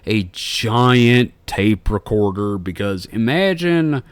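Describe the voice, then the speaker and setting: A man's voice: on the low side, takes it slowly, smooth, dry recording. A man in his forties co-hosting a podcast, telling stories casually with lots of swearing and laughter. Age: 40s. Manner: profane, laughing, animated storytelling. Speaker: podcast co-host. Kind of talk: casual comedic chat.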